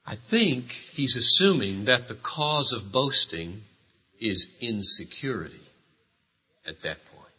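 A man preaching a sermon, emphatic and full of rhetorical questions, with sudden swings between loud and quiet. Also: medium pitch, animated, breathy edge. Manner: rhetorical questions, drawn-out phrases. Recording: dull lo-fi sermon recording.

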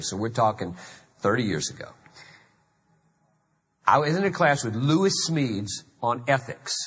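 A man's voice: medium pitch, pushed and bright, husky, big-room sound. A man in his fifties from the American South, preaching a sermon in an earnest, conversational way with emphatic repetition. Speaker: pastor.

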